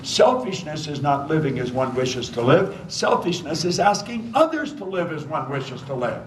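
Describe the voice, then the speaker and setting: An older man, a motivational speaker, giving a seminar in a hotel function room and leaning into emphatic stories. His voice is fairly high for a man and swings lively up and down. It carries from some distance off the mic, with roomy echo and faint background noise. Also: moderate pace. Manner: emphatic storytelling, repeating key phrases. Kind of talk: seminar talk to a live audience. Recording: echoey hall, voice from far off.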